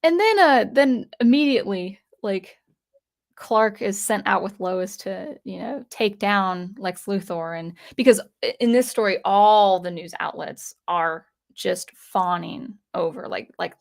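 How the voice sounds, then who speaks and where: A woman's voice: medium pitch, creaky. A woman giving a casual, unscripted comic book review, retelling the plot in a chatty way with frequent restarts.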